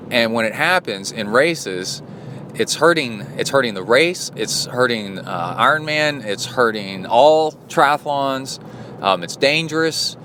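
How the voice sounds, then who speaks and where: A man's voice: fairly low pitch, fairly bright tone, a little hiss or hum. A man hosting a podcast as a coach, telling a story in a rambling, indignant way with many fillers. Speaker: podcast host and endurance coach. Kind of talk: casual storytelling monologue.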